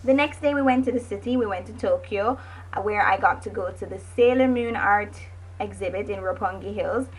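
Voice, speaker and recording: A woman's voice: medium pitch, brisk, breathy edge, faint music behind, low-quality recording. A young woman narrating her travel vlog in a chatty, enthusiastic way, with casual asides and self-corrections. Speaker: vlogger.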